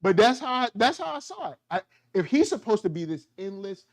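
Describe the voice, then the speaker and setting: A man giving a casual, slangy review of a TV show, animated and quick to act out the characters' lines. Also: high-pitched. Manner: slangy, animated, acts out quotes. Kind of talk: casual solo TV review talk.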